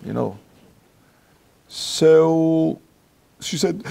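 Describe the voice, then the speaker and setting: This rabbi, an interview guest with an Israeli accent, has a medium-pitched voice that is gravelly and slightly rough. He tells a personal anecdote in animated, halting English that isn't native to him.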